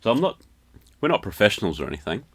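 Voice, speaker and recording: Man, Australian accent, very low pitch, young adult, laid-back podcast chat, album reviewer. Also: quick pace. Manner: relaxed and conversational, with fillers like "um" and "sort of".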